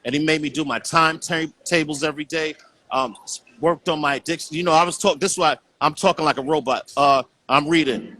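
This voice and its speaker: A man's voice: a little high, brisk, pushed and bright. A man talking earnestly in a casual call conversation as a guest, often saying "you know what I'm saying".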